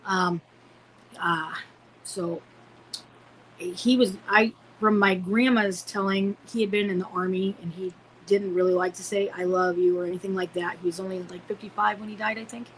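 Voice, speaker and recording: A woman's voice: medium pitch, steady tone, normal speed, rough recording. A woman in her forties from Illinois tells a personal story on a podcast. She rambles, doubling back with fillers and restarts, in a mid-range voice over a faint background hum. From Illinois, United States. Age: 40s. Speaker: podcast guest.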